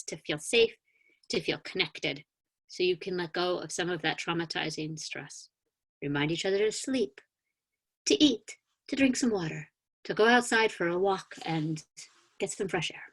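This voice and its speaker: Gently guiding a grounding meditation as part of a sermon, a woman minister speaks over a video call mic with calm, inviting words and a few soft hesitations. Her voice is on the low side and her pace moderate.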